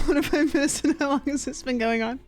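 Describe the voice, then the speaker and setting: A woman's voice: high-pitched, normal speed, darkish tone, no echo. A woman streamer chatting casually and playfully, giggling and swearing as she talks. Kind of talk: casual livestream chat.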